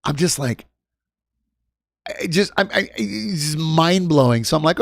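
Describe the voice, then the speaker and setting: Gravelly, rambling male streamer. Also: on the high side, lively intonation, unhurried, no room sound, clean studio sound. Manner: rambling, profane, hesitant. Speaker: streamer host. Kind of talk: casual commentary.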